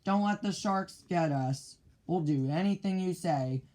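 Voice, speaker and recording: A man voicing Ben Ali, a greedy, loud adult male pirate captain who bellows threats, in a children's storybook reading. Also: unhurried. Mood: pleading. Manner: booming, threatening shouts.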